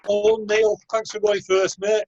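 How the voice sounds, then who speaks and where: Man, open mic host, high voice, friendly banter, dull lo-fi video call sound. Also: flat delivery, a little slow, noisy background. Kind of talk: casual introductions.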